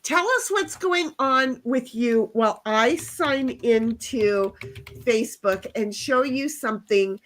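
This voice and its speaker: Chatty woman co-host with a fairly high voice, jokes around and drawls out viewer comments. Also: slow pace. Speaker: co-host of a chat livestream. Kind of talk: casual chat reading out viewer comments. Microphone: desk mic.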